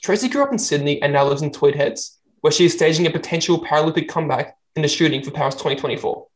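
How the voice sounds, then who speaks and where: An interview host who reads a scripted introduction of the guest and asks questions in a brisk, upbeat way. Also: medium pitch, poor audio.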